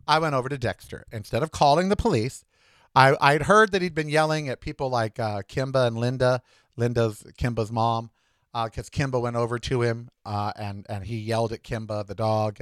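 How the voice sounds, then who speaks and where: A man with an ordinary mid-range voice, talking casually as the host of his own show. He recounts his week in a chatty, animated way and acts out the back-and-forth of his conversations. The recording is dry and close, with no room sound. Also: mid-range voice, no room sound. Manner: chatty, animated, talks back and forth with himself in quoted dialogue. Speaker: podcast host. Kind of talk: casual monologue storytelling.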